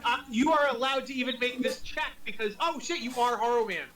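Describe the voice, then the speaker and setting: A man running a tabletop game as dungeon master, narrating in a halting way. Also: very high voice, pushed and bright. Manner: halting, laughs often. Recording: echoey room.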